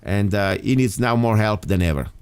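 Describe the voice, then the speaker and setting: Emphatic talk radio host, lowish voice. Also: male voice, animated, moderate pace, smooth, no room sound. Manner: emphatic, rambling with restarts. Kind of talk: casual talk radio monologue.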